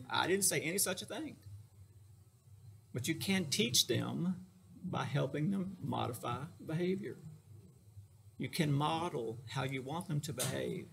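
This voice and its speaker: A man's voice: a little high, normal speed, gravelly, background noise. A middle-aged man, a therapist, giving a casual lecture in a folksy, joking way, speaking straight to his listeners.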